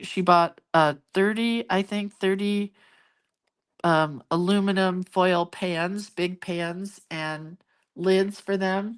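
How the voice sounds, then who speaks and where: Chatty middle-aged woman, lowish voice. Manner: rambling, chatty, with many fillers and restarts. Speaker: host. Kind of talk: casual chat to live viewers.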